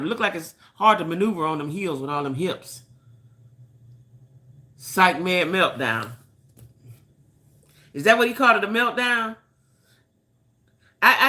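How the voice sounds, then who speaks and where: Older woman host, gossipy and opinionated, animated pitch swings, bright tone. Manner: chatty, opinionated, talks to viewers as y'all. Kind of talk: casual gossip chat.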